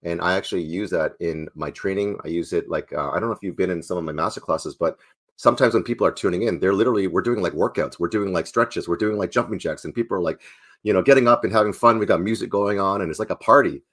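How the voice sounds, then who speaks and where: A man in his forties, a sales trainer and former pastor, answering interview questions in a playful, energetic way. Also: deep voice, fast.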